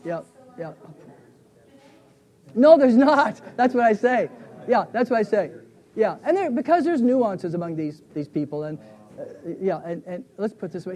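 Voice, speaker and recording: A pastor leading a casual Bible study class, talking in a conversational, halting way. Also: male voice, high voice, dark tone. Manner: conversational, halting, many restarts and fillers.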